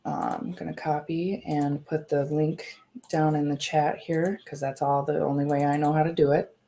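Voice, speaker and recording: A woman's voice: deep voice, level tone, normal speed, mellow. Heated, swearing woman on a livestream. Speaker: livestream host. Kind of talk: angry livestream address.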